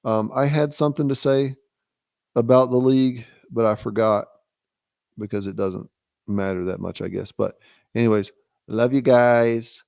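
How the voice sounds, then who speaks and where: A man's voice: medium pitch, fairly even intonation, a little slow, vocal fry, pauses often, darkish tone, no echo, clean studio sound. A man in his late thirties giving a casual, joking fantasy league recap, teasing his friends and mocking himself. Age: late 30s. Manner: teasing, self-mocking, mock-exasperated rants.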